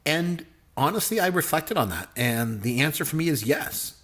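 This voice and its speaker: A man's voice: a little high, expressive, moderate pace, a bit bright. A middle-aged man co-hosting a casual movie review podcast, joking and complaining with exaggerated gripes. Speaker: podcast co-host; professor.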